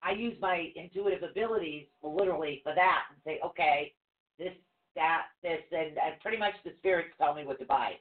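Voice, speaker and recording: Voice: medium pitch, fairly quick. A co-host of a talk show chatting frankly and casually. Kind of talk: casual radio chat. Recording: tinny phone-like line.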